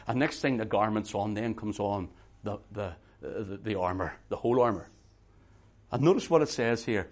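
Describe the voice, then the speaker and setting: A middle-aged man preaching a sermon, swinging between hushed intimate talk and loud emphatic preaching, repeating words for emphasis. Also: fairly low pitch, a little fast.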